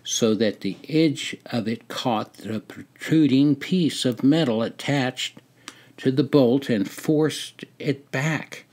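Older guy reading his memoir, real slow and careful, medium voice. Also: mid-range voice, darkish tone. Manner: measured, deliberate storytelling. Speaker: memoir narrator.

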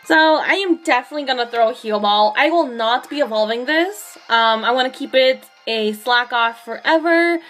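A woman streaming a game live, excited and rambling, her voice shaky with excitement as she reacts. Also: a little high, moderate pace, hardly any pauses. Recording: faint music behind.

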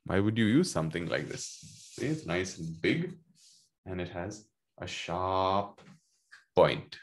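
A male teacher reads a story to children slowly and expressively and asks them questions. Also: sits low, very animated.

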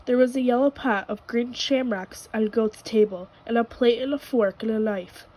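A woman reads a children's picture book aloud, her voice sitting a little high. She tells the story gently and clearly, at an easy storytime pace. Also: moderate pace, low-quality recording. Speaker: storybook reader.

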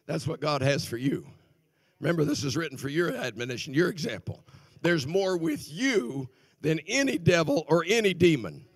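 An older male preacher delivers a sermon with a lively, swooping delivery, his voice pitched a little high and edged with gravel. He shifts between ringing declarations and hushed asides, and the sound is close and dry. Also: normal speed, no echo. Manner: animated preaching, swings from loud exclamations to quiet asides, laughs between points. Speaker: guest minister. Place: church sanctuary.

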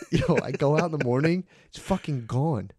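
A man's voice: fairly high pitch, moderate pace, warm tone, slightly rough, no room sound, studio quality. A young man in casual podcast chat, co-hosting and rambling through profane stories while laughing at his own jokes. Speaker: podcast co-host. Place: podcast studio.

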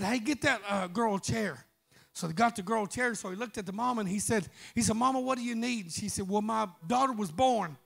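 Fervent preacher, high gravelly voice. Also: male voice. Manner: fervent storytelling, rising to shouts. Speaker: pastor. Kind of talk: sermon.

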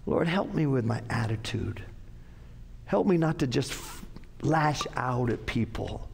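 Gravelly-voiced man preaching in a church. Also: mid-range voice, lively intonation, unhurried, a little hiss or hum. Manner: earnest, conversational preaching with repeated phrases. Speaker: pastor. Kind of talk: sermon. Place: church sanctuary. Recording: long church-hall reverb.

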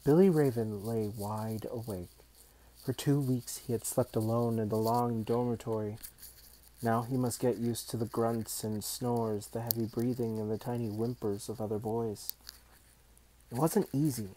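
Slow, dark-voiced male storyteller. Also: medium pitch, fairly even intonation, a little hiss or hum, poor audio. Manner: slow, measured narration. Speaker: audiobook reader. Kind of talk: storybook reading.

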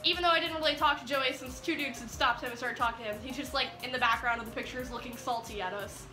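A teenage girl telling an excited vlog story, rambling giddily with lots of "like"s. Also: sits high, fast. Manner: giddy, rambling with many "like"s. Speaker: vlogger. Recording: echoey room with faint music.

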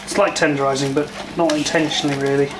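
Man, vlogger, high, excitable joker, cooking outside, noisy outdoor camera audio. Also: fast. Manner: chatty, excitable, joking. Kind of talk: casual cooking vlog chat. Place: outdoors at a barbecue. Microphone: camera set far off.

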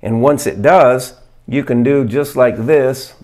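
A man vlogging, earnestly explaining and demonstrating a fermented food to camera, reading study excerpts aloud and pausing on fillers. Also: medium pitch, a little mellow. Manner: earnest, plain-spoken, pauses with fillers. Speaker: health vlogger.

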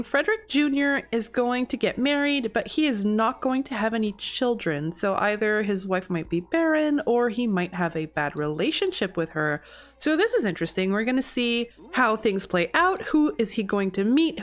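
A young woman giving casual, chatty commentary over gameplay and reacting loudly in disbelief at surprises. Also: on the high side. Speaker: gameplay video host.

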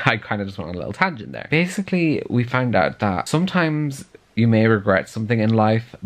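A man chatting casually in a reading vlog, filling his talk with "like" and drifting into tangents. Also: lowish voice. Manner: chatty, many "like" fillers, goes off on tangents. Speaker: book vlogger.

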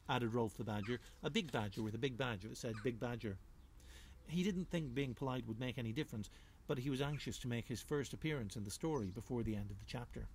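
A children's author, a man, reading his storybook aloud in a lively, rhythmic, playful way. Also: medium pitch, brisk. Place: home.

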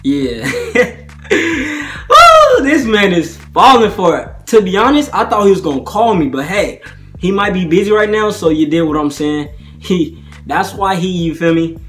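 A man's voice: high-pitched, lively intonation, normal speed, faint music behind. A young man vlogging casually to camera about a prank on his best friend, talking in chatty slang and often checking in with "you feel me".

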